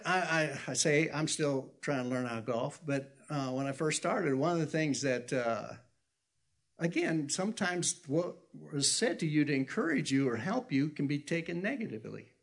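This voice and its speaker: A man preaching an informal sermon in a conversational way, restarting his sentences and acting out the people he quotes. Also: fairly high pitch. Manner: conversational, acts out quotes loudly, self-correcting.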